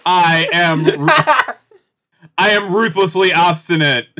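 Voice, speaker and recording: Man putting on a stubborn self-declaring zealot, flat solemn statements, slightly high voice. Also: full character voice. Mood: mock solemn. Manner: slow, flat declarations broken by laughter.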